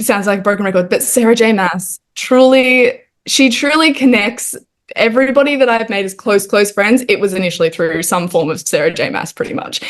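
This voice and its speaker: Young woman, Australian accent, podcast guest on a video call, eager and gushing, filler-heavy casual chat. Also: medium pitch. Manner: gushing, upbeat, heavy use of "like".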